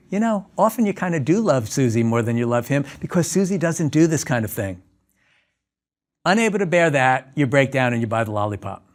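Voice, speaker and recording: A clinical psychologist giving a talk, telling everyday stories and acting out the dialogue. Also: male voice, mid-range voice. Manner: storytelling, acts out dialogues. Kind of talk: lecture talk.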